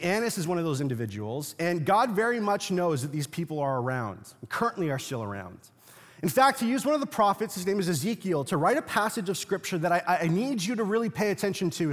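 Preaching man with a high voice, echoing hall. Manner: swings from quiet storytelling to loud, insistent preaching. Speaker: pastor. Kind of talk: sermon. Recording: echoey hall with long reverb.

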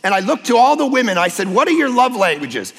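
High-voiced gravelly pastor in a reverberant hall. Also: male voice, quick pace. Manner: animated storytelling with acted-out quotes. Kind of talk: sermon.

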